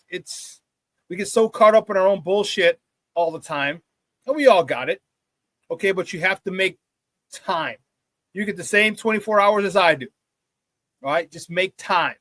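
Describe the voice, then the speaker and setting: With no echo on the audio, a morning sports talk host whose voice sits high brings hype-man energy to casual chatter, saying hello to viewers and shouting out the chat.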